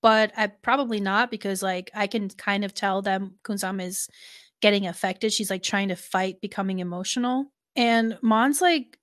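A reaction-show co-host recaps a scene from a series in casual chat, animated and laughing often, with plenty of "like" fillers. Her mid-range voice moves at normal speed, recorded at studio quality with no room sound.

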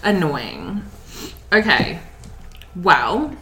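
Young woman co-host: low, bright voice, casual filler-heavy chat, echoey room. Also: sing-song, extremely slow. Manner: chatty, swears, lots of "like" fillers. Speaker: podcast co-host.

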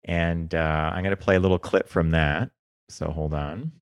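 Co-host, man, very deep voice, easygoing storyteller, dry sound. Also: normal speed, clear, resonant tone, no room sound. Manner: relaxed storytelling, laughs often. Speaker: podcast co-host. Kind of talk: casual chat.

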